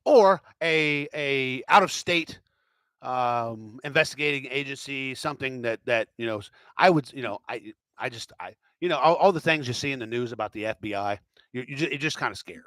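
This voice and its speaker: A man ranting in an opinion vlog, heated and profane, stumbling over repeated words. His voice sits at a middle pitch, and the sound is dry and close. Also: moderate pace, a bit bright, no room sound. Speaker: commentator.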